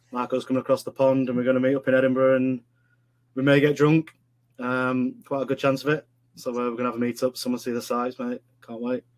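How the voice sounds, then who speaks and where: A Yorkshire man co-hosting a live online webinar in loose, jokey chat. His voice sits at an ordinary middle pitch, and he keeps calling the viewers "mate" as he reads out their names. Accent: Yorkshire English. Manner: chatty, jokey, says "mate" a lot. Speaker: webinar co-host. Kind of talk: casual live-stream chat.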